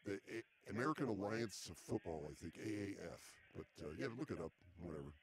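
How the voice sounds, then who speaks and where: A man with a fairly low voice hosting a loose comedy podcast live. He chats casually and drily, with a quick exasperated edge when teased. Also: expressive. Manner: dry, exasperated. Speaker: podcast host. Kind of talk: casual comic chat.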